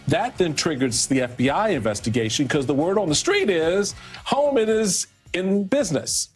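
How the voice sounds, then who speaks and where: Lively man laying out a story. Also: on the high side, moderate pace, soft background music. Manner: storytelling, building a case step by step. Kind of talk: political discussion.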